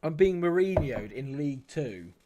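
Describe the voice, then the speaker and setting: A man's voice: a little high, very animated, moderate pace, muffled recording, background noise. A man live-streaming a football management game from a room at home, chatting casually and swearing mildly as he talks to his viewers and his players. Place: home room near a main road.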